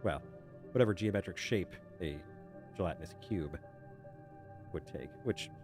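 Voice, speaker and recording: A man's voice: low-pitched, expressive, normal speed. A young man streaming a game and chatting casually with his viewers, laughing often and slipping into silly asides. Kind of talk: casual chat with chat while gaming. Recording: faint game music behind. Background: game music.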